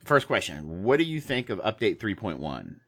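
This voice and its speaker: A man co-hosting a casual gaming podcast, talking in a relaxed, chatty way with many fillers. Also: fairly low pitch, normal speed. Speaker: podcast co-host.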